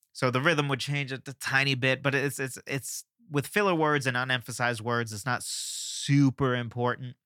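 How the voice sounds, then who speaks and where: A man's voice: medium pitch, fairly bright tone, no echo, studio quality. A male podcast host explaining ideas in a casual monologue, thinking aloud with restarts and checking in with "right?".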